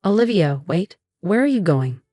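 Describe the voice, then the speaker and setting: A fussy, talkative middle-aged aunt who gushes over everyone, as a woman narrator reads her lines. The voice is lowish and close, with a dry sound. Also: very animated, moderate pace, mellow, no room sound. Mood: chatty. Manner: gushing and chatty.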